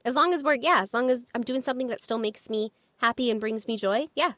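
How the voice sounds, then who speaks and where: A woman's voice: fairly high pitch, fast, fairly bright tone, no echo, studio quality. A woman hosting a podcast in casual chat, upbeat and encouraging, with lots of fillers. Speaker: podcast host.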